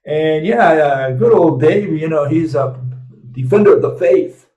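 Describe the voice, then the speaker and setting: A man hosts a casual commentary stream, his talk full of fillers, restarts and tag questions like "right?". His voice sits a bit high for a man. He is heard from some distance off the mic, in a room with a noticeable echo. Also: animated, a little slow, mellow. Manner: rambling, many fillers and restarts, asks "right?" and "okay?" often. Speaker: host of a physics commentary live stream. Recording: roomy echo, speaking from away from the mic.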